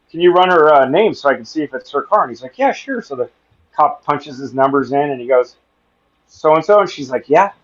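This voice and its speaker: In lo-fi audio, a man with a mid-range voice appears as a podcast guest. He spins comic anecdotes in a relaxed way, animatedly voicing the people involved and laughing often.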